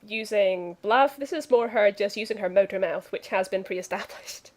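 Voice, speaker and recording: A woman's voice: medium pitch, moderate pace, darkish tone. A young woman playing in a tabletop role-playing game, chatting casually and explaining her choices. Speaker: player.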